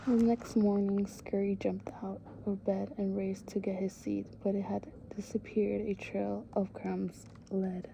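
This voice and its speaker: A woman's voice: medium pitch, flat delivery, unhurried, gravelly, few pauses, background noise. Whispering woman reading a storybook. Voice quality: soft whispery. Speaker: storybook reader. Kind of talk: whispered read-aloud.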